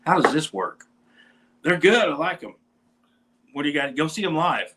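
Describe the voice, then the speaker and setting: A man hosting a casual show, telling a rambling, animated anecdote about meeting a band. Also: fairly high pitch, moderate pace, background noise. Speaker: podcast host; bass player in a metal band. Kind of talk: casual storytelling chat.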